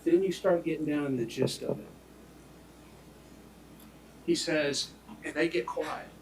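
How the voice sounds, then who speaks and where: A man delivers a prosecutor's closing argument, speaking emphatically and swinging between loud declarations and hushed near-whispers. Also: fairly high pitch, steady tone, unhurried, slight background noise. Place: courtroom. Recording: echoey courtroom audio from far off.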